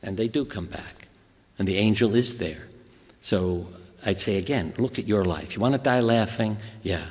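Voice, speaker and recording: An older American man giving a talk to an audience, telling stories in an animated, anecdotal way. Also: on the low side, moderate pace. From USA. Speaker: guest speaker. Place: hospital auditorium. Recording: echoey hall reverb.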